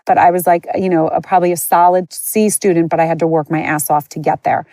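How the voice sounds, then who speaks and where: A woman's voice: fairly low pitch, little pitch movement, quick pace, dark tone, no echo. A woman podcast host candidly telling her own life story in a chatty, conversational way. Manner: candid, chatty, frequent "like" and "you know". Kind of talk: personal storytelling.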